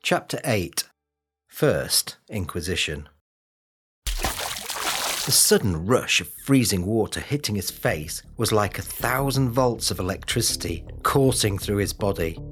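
Casting: deep male audiobook narrator, measured delivery, clear music underneath. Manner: steady, measured storytelling. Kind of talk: scripted narration.

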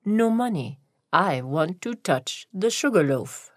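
A woman's voice: lowish voice, animated, slow pace, no echo, studio quality. A woman voicing a sly, insinuating male shoemaker in his late thirties with an unplaced foreign accent, in a storybook reading.

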